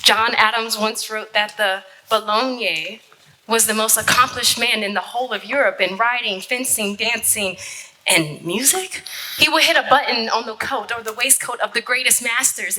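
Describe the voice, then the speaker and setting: Sassy, bright-voiced woman. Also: fairly high pitch, poor audio. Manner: sassy, incredulous, playful. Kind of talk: comedic live stage skit.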